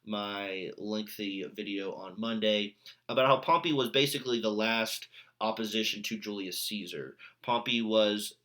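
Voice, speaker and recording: Man, english teacher, recorded video lesson, chatty and mildly sarcastic, bright tone. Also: lowish voice, measured pace.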